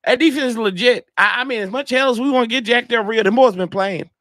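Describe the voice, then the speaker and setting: A man's voice: extremely high pitch, fast talker, a bit bright, no echo. A man hosting a casual sports fan livestream, rambling in slangy talk and reading chat comments aloud. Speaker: podcast host reading live chat.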